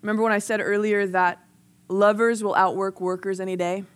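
A woman's voice: mid-range voice, flat delivery, brisk. A woman preaching a sermon into a microphone, conversational and earnest, telling personal stories with lots of "like" and building in intensity. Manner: conversational, storytelling with frequent "like".

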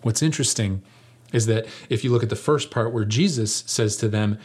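A man preaching a sermon as pastor, animated and jokey, acting out the lines he quotes. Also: lowish voice, moderate pace, husky.

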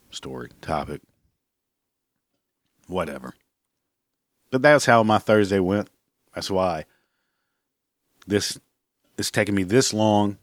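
A man's voice: fairly low pitch, dry recording, studio quality. A man hosting a podcast, ranting casually and bluntly, swearing freely and laughing at his own jokes. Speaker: podcast host. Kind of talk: casual solo rant.

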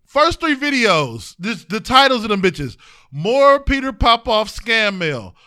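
A man from the US Midwest with a strikingly high, piercingly bright voice. He tells rowdy, profane stories in loose podcast banter and laughs through them. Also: measured pace. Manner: animated, profane storyteller who laughs a lot. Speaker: podcast co-host.

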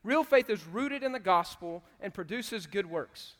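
A man preaching a sermon to his church, animated and acting out quotes with loud bursts. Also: high-pitched, unhurried. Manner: animated, acts out quotes loudly. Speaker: pastor. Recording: long hall reverb.

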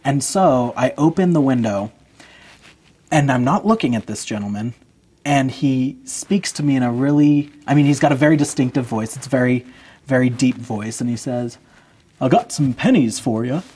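A husky young man recounts a personal story as a podcast guest. He tells it earnestly and vividly, at an ordinary middle pitch. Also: moderate pace, dark tone.

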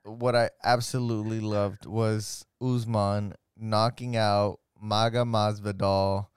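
A young man hosting a casual podcast chat, excitable and slangy, full of "bro" and exclamations. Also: lowish voice, slow, clean tone, no echo, studio quality. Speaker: podcast co-host.

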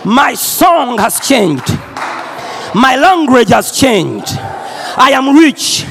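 A man from Uganda preaches with a strikingly high, lively voice that leaps between soft asides and full shouts. He drags out his phrases slowly, repeating them with call and response. A church crowd murmurs faintly behind him. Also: creaky, noisy background. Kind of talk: energetic sermon to a congregation.

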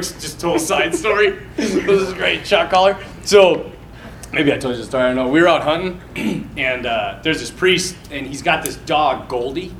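A man's voice: a little high, fairly bright tone, reverberant, slight background noise, poor audio. A man, a Catholic priest, telling casual stories with frequent laughs, jokes and side stories. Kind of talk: casual storytelling to listeners.

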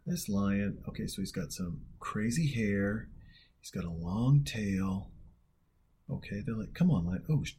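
Low, husky man rambling through reaction commentary. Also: lively intonation, unhurried, a little mellow. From Montana, USA. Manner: rambling, profane, jokey, trails off in restarts. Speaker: video host reacting to a film.

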